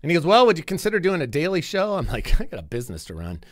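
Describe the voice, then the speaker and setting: A man's voice: on the high side, wildly swooping pitch, very fast, no echo, clean studio sound. A middle-aged man hosting a radio show, talking in a casual, earnest and rambling way, often repeating words as he goes. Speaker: radio host. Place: radio studio.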